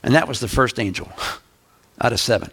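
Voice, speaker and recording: An older man preaching a verse-by-verse Bible lesson, reading scripture aloud slowly and turning to the congregation with conversational asides. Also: medium pitch, pushed and bright, breathy edge. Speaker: pastor. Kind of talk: Bible teaching sermon.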